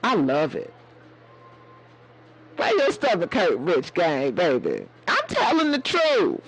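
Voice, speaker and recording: A man's voice: sits high, wildly swooping pitch, takes it slowly, fairly bright tone, breathy edge, rough recording. A man hosting a casual livestream chat in a sassy way, calling his viewers baby and honey. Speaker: livestream host.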